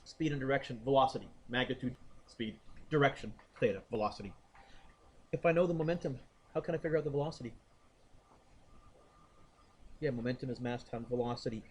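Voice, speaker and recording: A male physics teacher works through a momentum problem aloud in class, thinking out loud and quizzing students by name. His husky voice sits at a medium pitch, moving a little fast with long pauses.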